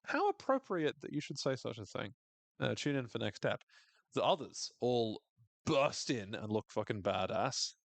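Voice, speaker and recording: A man in the middle of his range, talking through a TV episode with lively enthusiasm and casual swearing. He keeps slipping into little voices for the characters he quotes. The sound is close and dry, with no room around it. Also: medium pitch, normal speed, creaky, dry recording. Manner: enthusiastic, swears freely, acts out quoted lines in shifting voices. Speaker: podcast host recapping a TV episode. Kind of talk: casual recap chat.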